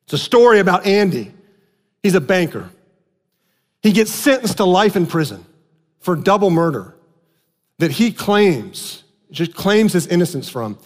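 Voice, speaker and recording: A man preaching a sermon as pastor, moving between quiet low asides and raised, emphatic lines. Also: very animated, measured pace, long pauses. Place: church sanctuary. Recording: long reverb in a large hall.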